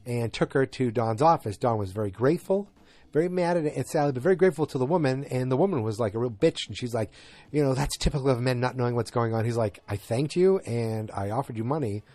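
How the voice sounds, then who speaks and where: A man's voice: mid-range voice, darkish tone, dry recording. A man from north of Boston with a slight Boston accent, recapping a TV episode in a casual, rambling way with jokey asides. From north of Boston, Massachusetts. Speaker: podcast host.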